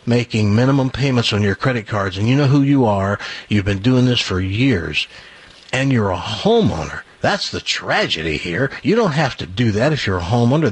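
A man's voice: mid-range voice, husky, dry recording. A middle-aged man hosting a radio show, telling a rambling joke and doing a live ad read in a chatty way. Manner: chatty, rambling, chuckling at his own jokes.

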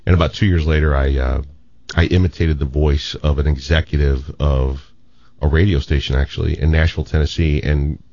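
Man, very deep voice, fast talker, boastful storyteller, dull radio sound. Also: steady tone, a little mellow, dry recording. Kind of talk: casual radio chat.

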